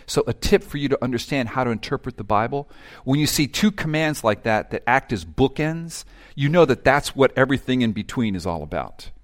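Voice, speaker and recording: A middle-aged man preaching with animated energy, dropping to near-whispers and then rising into loud, urgent outbursts. He acts out the voices of people praying and complaining. His pitch sits at an ordinary middle range for a man. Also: brisk. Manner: animated preaching, dramatic swings from hushed to loud; acts out quoted prayers and complaints. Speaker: pastor. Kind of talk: sermon.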